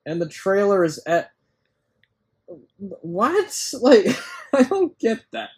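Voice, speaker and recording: A man's voice: high-pitched, very animated, slow, husky. A man co-hosting a podcast, chatting casually about a film, rambling, incredulous, swearing and laughing as he goes. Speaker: podcast co-host. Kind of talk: casual film review chat.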